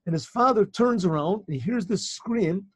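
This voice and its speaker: Rabbi guy telling a story on a video call, husky, stops and restarts a lot. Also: sits high, normal speed, no echo. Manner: animated, restarts and repeats phrases. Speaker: rabbi and teacher. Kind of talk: storytelling talk.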